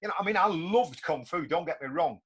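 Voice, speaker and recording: This podcast host is a man in his fifties from North East England whose voice sits on the high side, a touch bright and slightly rough. His intonation is lively and his pace a little quick. He runs a casual conversational interview as a chatty storyteller prone to repeating himself.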